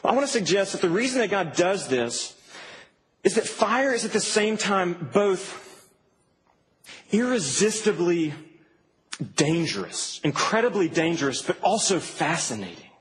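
A man preaching a sermon in a church, conversational and animated, with asides to the congregation. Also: high voice, unhurried. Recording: reverberant hall, faint background hum.

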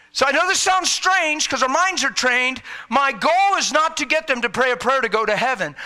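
A man delivers a storytelling sermon in a church room, his voice high and piercingly bright. He swings widely in pitch, acting out the voices in his stories and sometimes sinking to a hush. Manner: animated, acts out dialogue, drops to near-whisper. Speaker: preacher.

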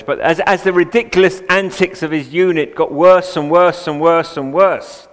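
A man preaching a sermon from the pulpit, shifting between chatty asides and emphatic, rising passages. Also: medium pitch. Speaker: pastor. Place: church sanctuary, at the pulpit. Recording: long church hall reverb.

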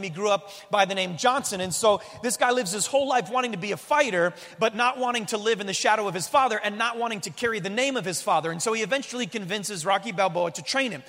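A male pastor with a fairly high voice delivers a sermon that moves between hushed prayer and animated storytelling. His words ring out with a long reverb from the church hall around him. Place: church auditorium.

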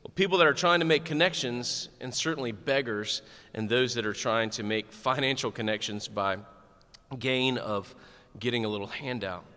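Male pastor, animated conversational sermon, bright tone, echoing sanctuary. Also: mid-range voice, moderate pace, smooth. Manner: animated, conversational preaching with humor.

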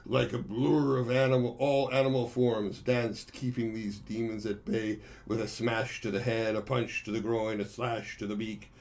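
A man's voice: medium pitch, level tone, normal speed, hardly any pauses, darkish tone, close to an everyday voice. A gleeful, boastful monkey warrior, voiced by a man, spinning a tale of his own battle. He talks to his listeners as friends and plainly enjoys his own bragging.

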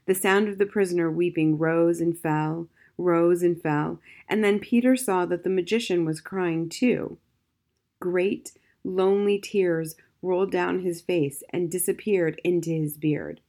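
A woman narrating a children's novel as an audiobook, in a gentle, measured way. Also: lowish voice. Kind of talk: scripted storybook narration.

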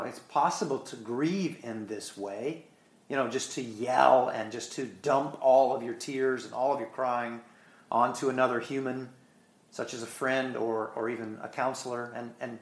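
Earnest male preacher in echoey room. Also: medium pitch. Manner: earnest, repeats words, slows for emphasis. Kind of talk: sermon.

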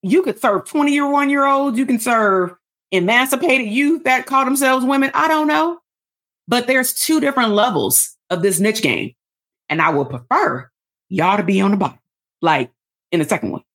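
A woman coaching therapists on building a business. She teaches a live workshop in an energetic, animated way, with casual slangy asides. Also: fairly high pitch, moderate pace. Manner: addresses the audience as "y'all".

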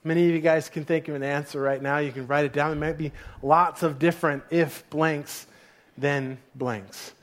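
A male pastor preaching to his church with a notably high voice. He retells the story with lively, dramatic storytelling, leaning into the drama of each scene. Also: moderate pace. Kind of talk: sermon storytelling.

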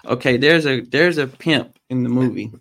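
A man with a gravelly, rough-edged voice speaks at a middle pitch. He tells a personal story as a podcast guest. He stops often and fills the gaps with "um". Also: fairly bright tone. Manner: halting, frequent "um" pauses. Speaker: podcast guest, motorcycle racer.

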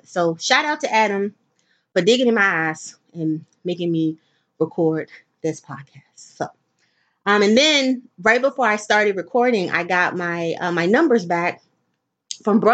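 This is a woman talking on her solo podcast, clearly tired. She rambles from story to story and swears casually. Her voice sits at an ordinary middle pitch. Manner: profane, rambling, animated storytelling. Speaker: podcast host.

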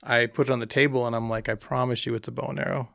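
A man casually telling an animated travel anecdote, acting out the dialogue as he goes. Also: mid-range voice, racing, gravelly, dry recording, clean studio sound. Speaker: hunting trip guest telling a story. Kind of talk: casual storytelling.

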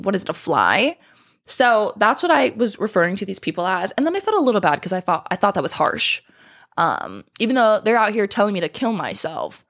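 A woman's voice: medium pitch, a bit bright. A woman in her twenties talking straight to camera in a casual vlog, blunt and profane, going from hesitant to heated. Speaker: vlogger. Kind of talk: casual vlog talk reacting to comments.

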